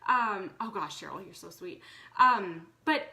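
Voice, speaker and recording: Bright-voiced woman chatting earnestly. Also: medium pitch, expressive, a little slow, vocal fry. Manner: earnest and chatty, with many fillers. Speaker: vlogger. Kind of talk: casual live talk to viewers.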